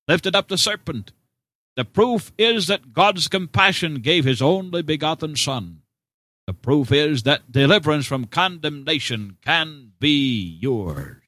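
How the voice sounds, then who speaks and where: A man preaching in a slow, deliberate cadence, his bright voice swinging widely in pitch as he presses each point. He sounds earnest and emphatic, leaning on the listener directly. The sound is dry and close. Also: no echo. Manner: addresses listener as "my friend". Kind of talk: radio sermon.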